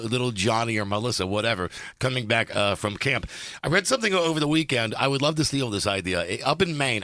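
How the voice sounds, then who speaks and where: A man's voice: medium pitch, sharp tone, no echo. A man hosting a radio talk show, rambling and sardonic as he jumps from topic to topic in a studio. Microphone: studio microphone, dry.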